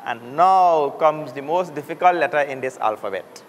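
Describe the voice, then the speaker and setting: A man's voice: fairly high pitch, expressive, moderate pace. A man teaching a class how to pronounce letters, saying each sound aloud for the students to repeat, patient and playful. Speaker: Sanskrit teacher. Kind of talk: classroom pronunciation lesson. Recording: long hall reverb, faint noise.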